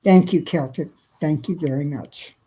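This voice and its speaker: Woman, middle-aged, slightly low pitch, casual livestream chat, soft and emotional, greets viewers by name. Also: moderate pace, low-quality recording. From South Central Texas. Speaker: livestream host.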